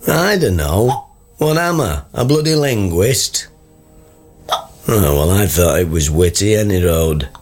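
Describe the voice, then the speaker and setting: A man playing a dry, gruff dad. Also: deep voice, expressive, takes it slowly, faint music behind, heavily acted. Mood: exasperated. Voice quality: dry sarcastic wit. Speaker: father. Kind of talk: radio comedy drama acting.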